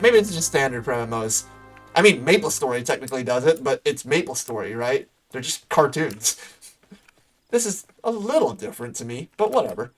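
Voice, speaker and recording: Joking man streaming a game, lively voice. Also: medium pitch, fairly quick. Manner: joking, self-deprecating asides. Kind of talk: live game stream commentary.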